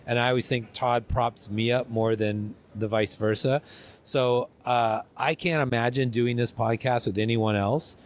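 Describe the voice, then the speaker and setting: A man's voice: medium pitch, fairly even intonation, unhurried. Rambling man on a podcast. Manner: rambling, self-deprecating, restarts often. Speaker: podcast co-host. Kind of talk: casual podcast chat. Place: convention venue.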